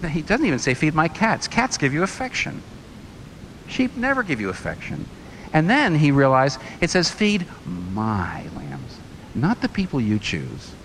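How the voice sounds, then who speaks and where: A man's voice: medium pitch, a bit bright, slight background noise, poor audio. A man preaching a sermon, firing rhetorical questions and telling a story.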